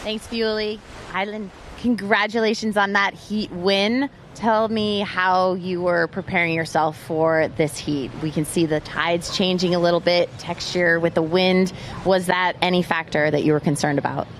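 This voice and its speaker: A woman's voice: on the low side, fairly even intonation, normal speed, hardly any pauses, a little hiss or hum. A woman interviewing an athlete beachside after a heat, upbeat and asking long, detailed questions. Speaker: sideline interviewer.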